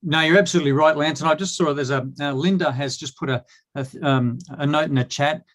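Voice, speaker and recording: A man's voice: a little high, steady tone, brisk, a bit bright. A middle-aged Australian man talking as a guest in a casual online chat, hesitant with many fillers and restarts. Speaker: guest, cleaning industry expert.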